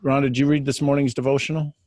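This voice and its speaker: A man's voice: medium pitch, flat delivery, fast talker, a little mellow, dry recording. A man hosting a spiritual talk show, reading a devotional aloud in an earnest, preacherly way. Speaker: podcast host.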